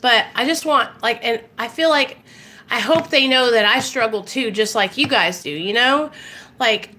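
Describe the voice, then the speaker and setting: A young woman talks straight to her viewers on a live stream, candid and emotional, full of fillers and the odd swear. Her voice sits a little high and sounds bright and sharp. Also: moderate pace. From Arkansas, US. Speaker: recovery vlogger hosting a live stream. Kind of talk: casual live stream chat.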